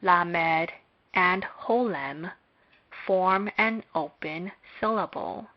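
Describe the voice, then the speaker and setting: A woman giving a slow, scripted lecture on Hebrew, speaking in a measured, deliberate way with long pauses. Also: lowish voice. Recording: dull lo-fi recording.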